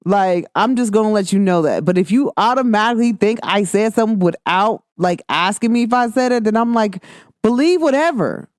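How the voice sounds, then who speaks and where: Briskly and with hardly any pauses, a podcast host talks through a casual monologue full of energy and emphasis. She acts out quoted exchanges by raising her voice higher, and the audio is dry and close with no echo.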